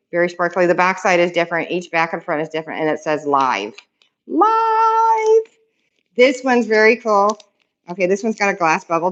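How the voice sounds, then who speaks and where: A woman showing off her handmade resin keychains in a casual, excitable, rambling vlog, repeating words for emphasis. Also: low-pitched, muffled recording. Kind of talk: casual show-and-tell vlog.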